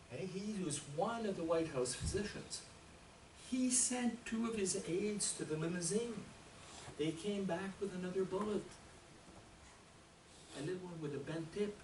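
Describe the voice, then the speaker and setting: An emphatic man lectures a conference audience, throwing out rhetorical questions with a lively, swooping delivery. His voice sits a little high for a man. He was picked up by a far camera in an echoey hall with faint room ambience. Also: noisy background. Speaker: conference speaker.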